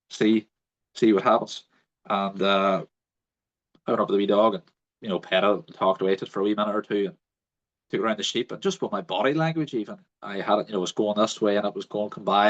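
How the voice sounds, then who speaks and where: A man, hosting a podcast and telling a story in casual chat, acting out the people he quotes. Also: on the low side. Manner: animated storyteller, acts out quoted voices. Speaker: podcast host. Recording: dull lo-fi audio.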